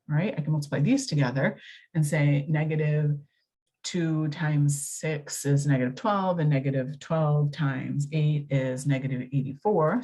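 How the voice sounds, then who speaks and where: A low-voiced woman talks through a math lesson in a relaxed, chatty way. Her voice is a little husky, and she thinks aloud, stops and corrects herself as she works the problems. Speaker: math teacher. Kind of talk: recorded lesson walkthrough.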